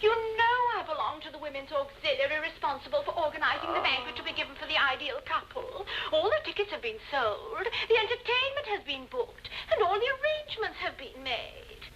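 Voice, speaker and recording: A gushing, catty society busybody in a 1950s television drama, all honeyed sweetness. Her voice sits high and bright and swoops all over the place. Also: very animated, a little fast, few pauses, a little hiss or hum, heavily acted, low-quality recording. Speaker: visiting friend.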